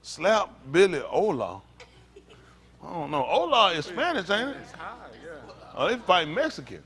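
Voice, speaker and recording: A pastor joking and teasing his congregation in a playful, animated sermon, laughing often. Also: high-pitched, moderate pace.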